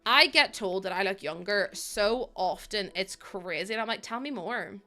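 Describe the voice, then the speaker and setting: Bright, giggly Northern Irish woman. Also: medium pitch, moderate pace, faint music behind. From Northern Ireland. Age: 20s. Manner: chatty, giggly, answers chat. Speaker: streamer. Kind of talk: casual live-stream chat while gaming.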